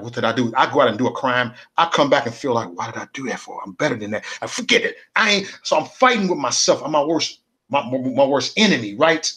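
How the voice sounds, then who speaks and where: A middle-aged man from Chicago tells his life story as a personal testimony, animated and repeating himself, acting out other people's voices. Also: medium pitch, breathy edge. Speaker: speaker sharing his testimony.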